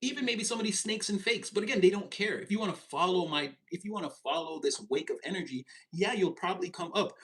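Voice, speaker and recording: A man giving a casual tarot reading, animated and laughing, slipping into mocking voices. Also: sits high, rough recording. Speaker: tarot reader.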